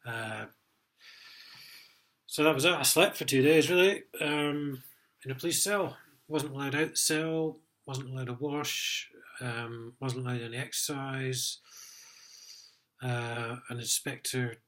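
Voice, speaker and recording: A man's voice: mid-range voice, steady tone, unhurried, fairly bright tone. A middle-aged man, telling his own story in a sweary, aggrieved, rambling way, full of ums. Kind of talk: casual personal account.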